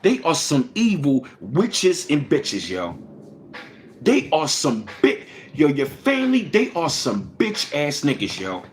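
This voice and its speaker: A man hosting a livestream, ranting angrily and profanely with lots of repetition, swinging between loud bursts and low mutters. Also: huge pitch swings, takes it slowly, slight background noise. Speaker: livestream host.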